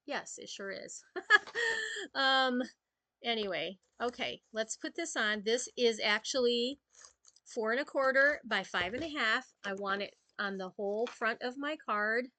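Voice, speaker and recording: A woman chatting through a live papercraft demonstration, filling pauses with ums as she works. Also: fairly high pitch, sharp tone, a little hiss or hum. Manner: chatty, many ums, talks while working. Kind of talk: casual live craft demo.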